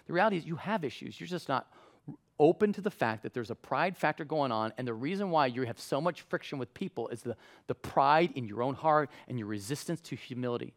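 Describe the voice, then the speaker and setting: A man preaching a sermon in a conversational way, acting out quotes with lively voices. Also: mid-range voice, fairly quick. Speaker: pastor.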